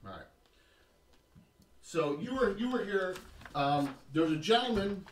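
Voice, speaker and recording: Animated man running a tabletop game. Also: sits high, a little slow. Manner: lively, loose, joking narration with restarts. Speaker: game master.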